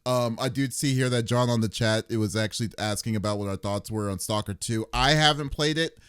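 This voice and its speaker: A man's voice: mid-range voice, fairly quick, fairly bright tone, smooth, dry recording, clean studio sound. A man co-hosting a gaming podcast, chatting casually and teasing, with many restarts. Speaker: podcast co-host. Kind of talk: casual chat.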